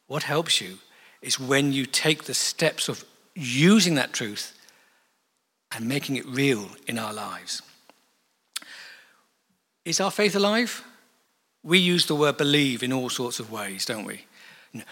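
A man preaching a sermon in a church, conversational and animated, with asides and acted-out quotes. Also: mid-range voice, measured pace, long pauses, slightly rough. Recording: long reverb of a church hall.

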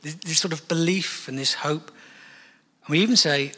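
A man preaching a sermon in a church, conversational and animated, with asides and acted-out quotes. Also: a little high, moderate pace, slightly rough. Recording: long reverb of a church hall.

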